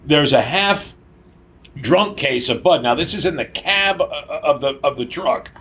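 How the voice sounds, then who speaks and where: A man's voice: on the high side, lively intonation, unhurried, a bit bright. Chatty older man telling stories. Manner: laughs often, acts out quoted voices. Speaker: podcast co-host. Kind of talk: casual storytelling chat.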